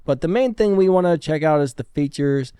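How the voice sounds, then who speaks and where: A man giving a relaxed, chatty product review and demo into a studio broadcast microphone. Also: on the high side, brisk, clear, resonant tone, no echo.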